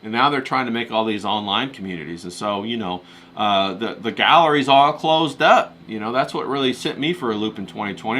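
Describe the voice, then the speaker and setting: A man's voice: fairly low pitch, animated, brisk, pushed and bright. A middle-aged man in casual conversation, rambling and blunt, with lots of "you know" fillers and restarts. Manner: blunt, swears offhand. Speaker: podcast guest in a group chat. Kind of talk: casual chat.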